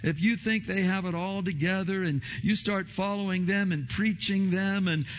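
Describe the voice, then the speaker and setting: Emphatic preacher in an echoing hall. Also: male voice, high-pitched, fairly even intonation, moderate pace. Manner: emphatic preaching, repeats words, swings loud and soft. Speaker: pastor. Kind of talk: sermon. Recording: long hall reverb, dull lo-fi sound.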